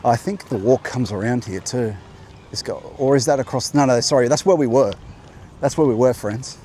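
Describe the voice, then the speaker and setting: Man, mid-pitched voice, wandering walk-and-talk vlogger who keeps interrupting himself, clip-on mic, faint outdoor ambience. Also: moderate pace, dark tone, a little hiss or hum. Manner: rambling, musing, self-interrupting. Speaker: host. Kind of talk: walking vlog monologue. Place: outdoor coastal walk by a beach.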